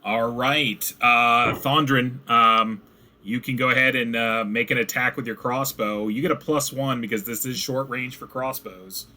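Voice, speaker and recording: Man, game master, very bright tone, casual chatty narration, voice chat. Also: medium pitch, steady tone, unhurried. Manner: casual, chatty, acts out goblin shouts. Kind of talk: narrating a tabletop game session.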